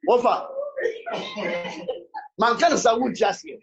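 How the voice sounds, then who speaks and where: A pastor preaching with great animation, his pitch swinging widely from low murmurs to high calls. He mixes English with Twi and breaks into sudden shouts and responses. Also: animated, slow pace, creaky, dull audio, faint music behind. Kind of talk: sermon mixing English and Twi.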